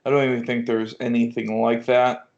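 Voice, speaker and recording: A man's voice: mid-range voice, little pitch movement, moderate pace, vocal fry, darkish tone. Guy on a chat show, kinda unsure, hedges a lot, muffled sound. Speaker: podcast co-host. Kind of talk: casual chat. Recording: dull lo-fi audio.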